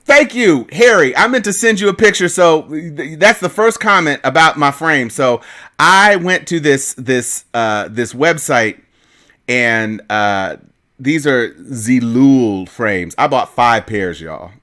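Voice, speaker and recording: Male podcast host, playful and lively, bright voice. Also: medium pitch, slow pace. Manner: playful, laughs often. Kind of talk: casual chat.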